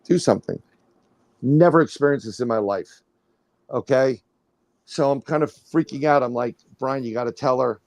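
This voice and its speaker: With vocal fry and long pauses, a middle-aged man speaks in a mid-range voice at a moderate pace in a dry recording. He is a paranormal researcher guesting on a livestream, casually telling a rambling, animated story and acting out what people said, with plenty of restarts.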